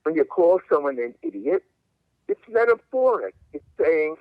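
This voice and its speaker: A man's voice: on the high side, very animated, moderate pace, no room sound. An older man, a civil liberties attorney, argues his points emphatically and like a lawyer while being interviewed over the phone. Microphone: telephone. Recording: tinny dry phone line.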